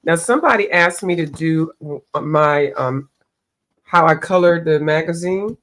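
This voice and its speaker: She hosts a livestream in a low, unhurried voice with a touch of brightness, chatting casually as she colors. Rambling and searching for names, she's slightly stuffy from allergies.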